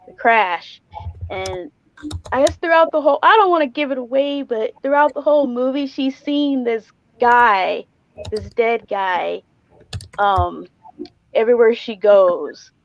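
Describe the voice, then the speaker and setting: A woman's voice: on the high side, unhurried, highs cut off. A woman co-hosting a podcast, retelling things in a rambling, hesitant way with ums. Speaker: podcast co-host. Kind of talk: casual chat.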